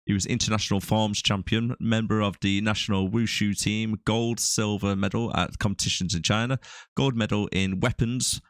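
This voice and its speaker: A man's voice: lowish voice, fairly even intonation, normal speed, no echo, studio quality. A man co-hosting a casual movie review podcast, easygoing as he shares trivia. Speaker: podcast co-host.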